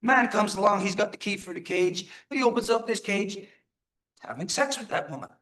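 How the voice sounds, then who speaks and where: A man's voice: high voice, lively intonation, moderate pace, a bit bright. A man giving an emphatic live teaching talk, asking his audience rhetorical questions. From Turtle Island.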